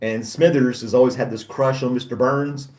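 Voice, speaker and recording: A man's voice: medium pitch, steady tone, normal speed, a little mellow, distant mic. Laughing, self-deprecating man in a roomy room. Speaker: host. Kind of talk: casual chat.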